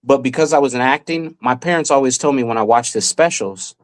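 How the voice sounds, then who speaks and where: A man, a magician, telling a lively story in a podcast interview and acting out the people he quotes. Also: medium pitch, brisk. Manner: animated storyteller who acts out the people he quotes. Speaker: magician guest.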